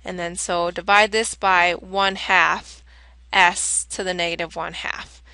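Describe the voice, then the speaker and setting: A woman's voice: lowish voice, level tone, slow pace, pushed and bright, clear, resonant tone, dry recording. A woman teaching a calculus lesson, explaining each step in a casual, chatty way and correcting herself as she goes. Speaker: math teacher. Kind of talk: whiteboard lesson walkthrough.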